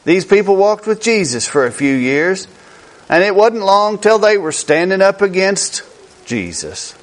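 A man preaching a sermon slowly and emphatically, repeating key words for effect. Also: sits high, big pitch swings.

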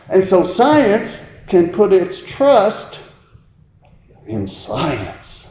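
A man preaching a sermon, moving between quiet reflective passages and raised, emphatic preaching. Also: on the high side. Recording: dull, roomy sound with faint ambience.

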